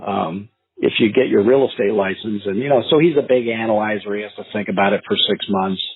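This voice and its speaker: Husky-voiced man coaching over a tinny line. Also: on the low side, a little fast, dry recording. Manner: animated storyteller, acts out phone calls. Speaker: real estate sales coach. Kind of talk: podcast interview, anecdotal advice. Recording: tinny phone-line sound.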